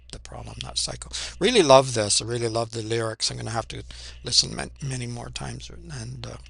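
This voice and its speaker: Reaction host, male, hoarse and losing his voice, husky and gravelly, bright-edged tone, earnest and reflective. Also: medium pitch, no echo. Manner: reflective, earnest, restarts his sentences often. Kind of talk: casual music reaction commentary.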